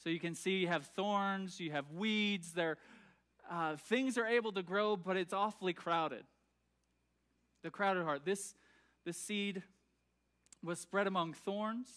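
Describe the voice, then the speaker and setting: High-voiced man preaching a casual sermon. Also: unhurried, pauses often, a bit bright. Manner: conversational, frequent fillers and restarts, asks the congregation to follow along. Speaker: pastor. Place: church sanctuary.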